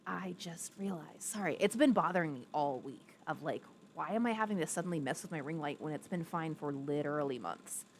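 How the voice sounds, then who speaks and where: A woman's voice: animated, brisk, hardly any pauses, a little hiss or hum. A young adult woman chatting casually on a live stream, rambling and reading viewer comments aloud. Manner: coos in a high baby voice to a pet. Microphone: streaming setup with a ring light.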